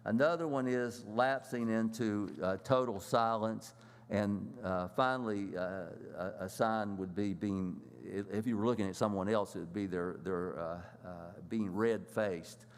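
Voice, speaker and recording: A man gives a church lesson in a low voice, pausing often and restarting his sentences. His voice carries a long reverb from a church hall. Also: smooth. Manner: plain, halting, many fillers and restarts. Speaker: church class teacher.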